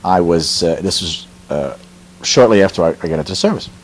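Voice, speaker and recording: Animated storyteller from the Bronx. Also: male voice, low-pitched, fairly quick, rough recording. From the Bronx, New York. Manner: animated, conversational, with frequent asides and restarts. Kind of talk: comic personal storytelling.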